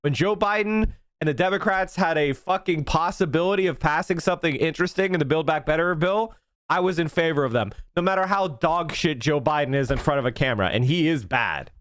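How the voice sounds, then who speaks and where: A male political commentator from Pennsylvania ranting on a live stream, heated and profane, often breaking into shouts. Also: on the high side, a little fast, no room sound, clean studio sound.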